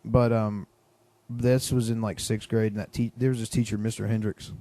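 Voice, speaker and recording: A man's voice: lowish voice, little pitch movement, moderate pace, warm tone, no room sound. A young man co-hosting a podcast, telling crude school stories with lots of swearing and laughter. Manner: profane, laughing storyteller. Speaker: podcast co-host. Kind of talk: crude casual chat.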